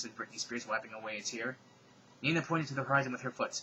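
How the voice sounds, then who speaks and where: Deadpan man reading fan fiction aloud. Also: mid-range voice, quick pace, highs cut off, slight background noise. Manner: deadpan, sarcastic asides. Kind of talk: comedic dramatic reading.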